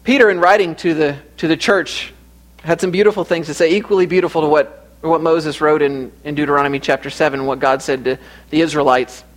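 A male preacher delivering a sermon with a high-pitched voice. He speaks earnestly and leans on repetition to drive his points home. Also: fairly even intonation, fairly quick. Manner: earnest, repeats phrases for emphasis.

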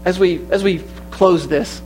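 High-voiced man, earnest church sermon, repeats and builds phrases, faint music under. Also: unhurried, a little mellow, rough recording. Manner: earnest, repetitive, building to emphatic peaks. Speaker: preacher. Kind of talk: sermon with invitation. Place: church sanctuary.

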